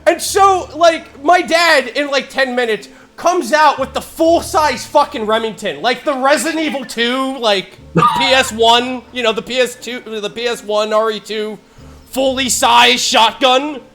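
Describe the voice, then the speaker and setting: A young man streaming live, telling funny family stories in casual chat. He is animated, laughs a lot and swears freely. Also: very high voice, unhurried, soft background music. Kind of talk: casual storytelling while gaming.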